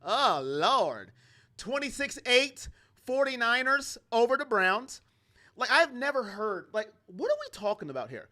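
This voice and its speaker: A man's voice: extremely high pitch, very animated, unhurried, pushed and bright. A man giving casual play-by-play and reactions to a football game as a fan commentator, sarcastic and exasperated.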